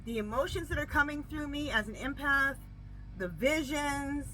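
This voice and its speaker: Animated woman tarot reader, lively pitch. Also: normal speed, soft background music, rough recording. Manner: animated storytelling, repeats "okay?". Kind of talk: casual chat.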